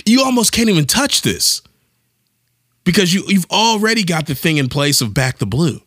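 A man co-hosting a podcast, talking in an animated, casual way and thinking aloud with frequent restarts. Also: high-pitched, moderate pace, no room sound, studio quality. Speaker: podcast co-host. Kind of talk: casual discussion.

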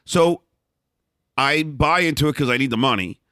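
A middle-aged man as an interview guest, telling candid stories in a blunt, animated way, often restarting and repeating words. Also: medium pitch, fast talker, clear, resonant tone, no echo, studio quality. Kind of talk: candid storytelling in a conversation.

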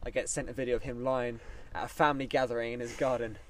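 A man, hosting a casual podcast and teasing the others with brisk questions. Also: medium pitch, flat delivery. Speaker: podcast host. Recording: distant mic with noticeable noise.

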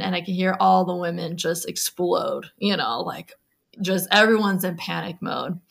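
A woman's voice: lowish voice, creaky, a bit bright. A woman telling her own story in an interview, speaking candidly with frequent fillers and restarts. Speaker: guest recounting a personal story.

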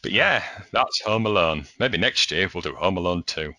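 A man's voice: sits low, animated, normal speed, pushed and bright, slight background noise. A young man co-hosting a podcast, chatting casually and animatedly with laughs as he retells scenes. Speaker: podcast co-host. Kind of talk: casual chat.

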